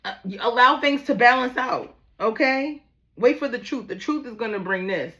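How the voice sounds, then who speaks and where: Her voice is a little high and a bit bright, with lively intonation at a moderate pace. This tarot reader, from Baltimore, USA, speaks with a Baltimore accent, giving viewers a casual, easygoing reading and calling them "y'all" and "baby."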